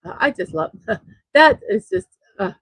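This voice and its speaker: Slow, chatty middle-aged woman host. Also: mid-range voice, very animated, gravelly, fairly bright tone, breathy edge, no echo, low-quality recording. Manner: chatty, laughs at her own jokes, restarts often. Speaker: host of a daily morning show. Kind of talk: casual solo show, reading memes aloud.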